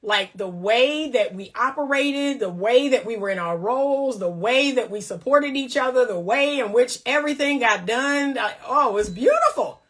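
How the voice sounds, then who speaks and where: Preachy woman coach, slightly high voice. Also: normal speed, few pauses, a bit bright. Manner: preachy, emphatic, blunt. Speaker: relationship coach. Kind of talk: casual faith-based commentary.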